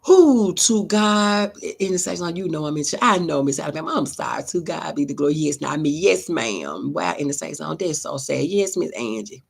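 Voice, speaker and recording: A middle-aged woman chats on a livestream with a rough, gravelly edge to her voice. Her tone is breathy and husky as she tells emotional, heartfelt stories and answers viewer comments. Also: low-pitched, animated, normal speed, hardly any pauses. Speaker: livestream host. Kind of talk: casual livestream chat, reading viewer comments.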